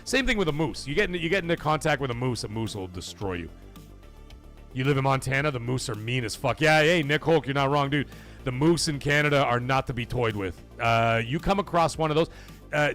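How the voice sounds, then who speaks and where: A man's voice: mid-range voice, fairly bright tone. A man hosting a casual gaming livestream, joking, swearing and bantering with his chat. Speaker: livestream host.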